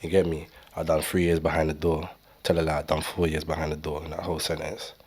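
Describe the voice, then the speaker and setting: A man's voice: a bass voice, little pitch movement, quick pace, husky. A young man telling a story in laid-back street slang as a podcast guest. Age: young adult. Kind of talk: casual chat.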